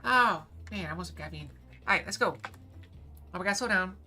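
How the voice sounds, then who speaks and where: Bubbly fast-talking woman streamer. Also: lowish voice, animated, sharp tone, faint music behind. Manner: reads game dialogue aloud. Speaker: game streamer. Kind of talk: casual live-stream chat while gaming.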